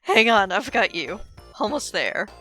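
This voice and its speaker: A woman reading a shy young creature girl, bright. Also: medium pitch, sing-song, a little slow, soft background music, exaggerated voice. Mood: startled. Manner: earnest, softly narrating, amused. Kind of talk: casual comic read-aloud.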